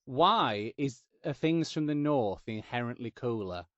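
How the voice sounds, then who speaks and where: A Yorkshire man hosts a casual podcast interview, his neutral English accent carrying a slight Northern edge. His mid-range voice is lively, measured in pace and a bit bright as he chats, jokes, and pokes fun at himself. The lo-fi recording is dull and dry, with no echo.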